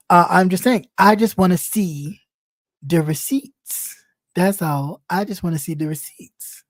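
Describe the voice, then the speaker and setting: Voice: mid-range voice, animated, unhurried, no room sound. An online commentator giving casual gossip commentary, blunt, profane and teasing, with frequent laughter.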